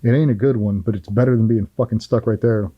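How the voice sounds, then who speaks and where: A man's voice: lowish voice, steady tone, fast, husky, no echo, highs cut off. A middle-aged man, a former Navy SEAL, telling a firsthand war story in an interview in a blunt, profane, vivid way.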